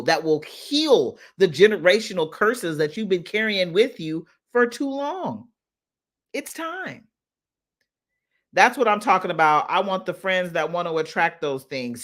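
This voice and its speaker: A woman's voice: sits low, fairly bright tone. A woman coach talking casually to her followers on a live stream. She is emphatic and heartfelt and repeats phrases for effect. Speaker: business mindset coach.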